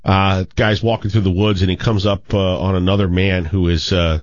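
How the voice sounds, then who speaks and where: A man hosting a radio show, telling long jokes in a rambling, animated way in casual banter, on a dull lo-fi recording. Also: low voice, normal speed, no echo. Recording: dull lo-fi radio studio sound.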